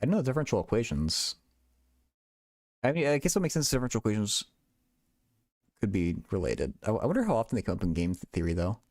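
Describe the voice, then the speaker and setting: A man's voice: lowish voice, very animated, fast, long pauses, a little mellow, no room sound, clean studio sound. A young man hosting a casual livestream, thinking aloud in a rambling way with many stammered restarts. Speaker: livestream host.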